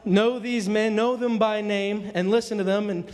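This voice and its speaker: A man's voice: high-pitched, fairly even intonation, normal speed, darkish tone, in a large hall. A man giving an earnest, rambling church testimony to the congregation, often restarting his sentences. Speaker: church speaker. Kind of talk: informal sermon testimony.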